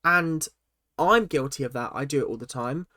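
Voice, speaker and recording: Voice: medium pitch, normal speed, bright, forceful tone, dry recording. A vlogger, ranting in exasperation about a reality show and often stumbling over restarts, recorded close on a desk mic. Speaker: reaction vlogger.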